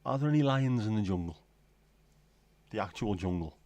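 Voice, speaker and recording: A man's voice: lowish voice, lively intonation, normal speed, dark tone, no echo. A middle-aged British man hosting a casual late-night livestream, rambling wryly and chatting to his viewers from home. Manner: rambling, wry, talks to himself. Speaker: livestream host.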